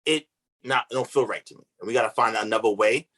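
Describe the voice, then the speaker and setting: A man's voice: mid-range voice, fast talker, fairly bright tone. A man who works as a relationship coach, talking as a podcast guest in a casual, earnest, emphatic way with loose informal grammar. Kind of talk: casual conversation.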